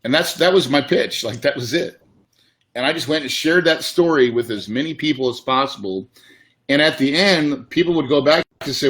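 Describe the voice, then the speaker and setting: A man's voice: on the high side, moderate pace, a bit bright. A middle-aged man, a real estate investor, telling a candid personal story in a casual, emotional way. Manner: casual, emotional, says dude and man often.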